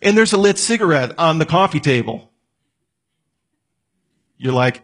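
A man's voice: fairly high pitch, expressive, a little slow, fairly bright tone. A man giving a conversational lecture, asking his listeners questions and adding joking asides. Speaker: apologetics teacher. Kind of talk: lecture on evidence.

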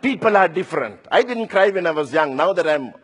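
A man's voice: a little high, expressive, brisk, slightly rough, long reverb tail. A man in his sixties preaching a sermon, earnest and personal, telling his own story between scripture quotes. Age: 60s.

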